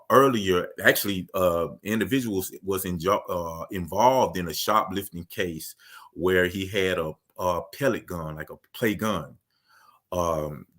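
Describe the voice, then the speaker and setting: Deep-voiced earnest male podcast host. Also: fairly bright tone. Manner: earnest, measured, recounting events in detail. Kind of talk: casual discussion of news.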